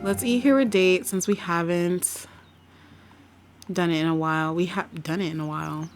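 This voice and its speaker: Excitable chatty woman gaming host. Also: lowish voice, unhurried, slight background noise. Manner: chatty, excitable, laughs often, swears. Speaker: let's play host. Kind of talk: casual game commentary. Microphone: desk USB microphone.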